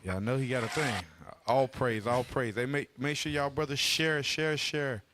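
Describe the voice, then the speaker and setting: A man's voice: mid-range voice, steady tone, normal speed, a bit bright. A man hosting a casual group livestream, joking and trading call-and-response banter with co-hosts. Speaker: host.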